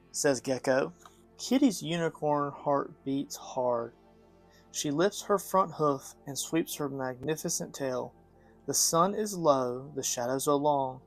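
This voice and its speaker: A man hosting an art studio video, reading a picture book aloud in a gentle, measured way and chatting to viewers while he paints. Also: a little high, faint music behind. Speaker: art studio host and father.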